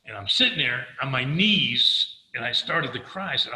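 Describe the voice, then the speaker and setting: A man's voice: medium pitch, moderate pace, few pauses, roomy sound, low-quality recording. Earnest older man telling his story. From Florida. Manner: earnest storytelling, quoting himself, animated. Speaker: recovery speaker. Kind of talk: personal testimony talk.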